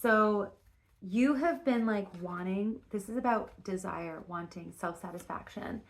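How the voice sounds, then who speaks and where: A woman's voice: medium pitch, measured pace. Rambling woman doing a tarot reading. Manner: rambling and self-interrupting, with frequent "like" and restarts; swears casually. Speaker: tarot reader. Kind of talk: casual spoken tarot reading.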